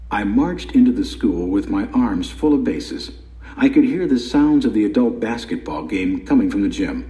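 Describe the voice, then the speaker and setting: A man narrating a first-person story for an audiobook in a lively storytelling way, with a roomy echo. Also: lowish voice, normal speed.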